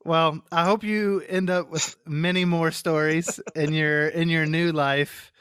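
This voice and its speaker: A man hosting a podcast interview, speaking gently and encouragingly to his guest. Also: on the high side, fairly even intonation, measured pace, smooth, dry recording, clean studio sound. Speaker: podcast host. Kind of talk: interview conversation.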